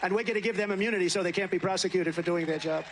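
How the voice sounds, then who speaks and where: Political candidate, man, rally speech; rapid, boastful, repetitive rambling. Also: sits high, background noise. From United States.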